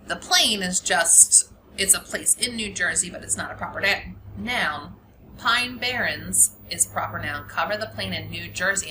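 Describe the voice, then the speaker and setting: A woman's voice: on the low side, noisy background. A woman teacher giving a grammar lesson, explaining patiently step by step and repeating the key points.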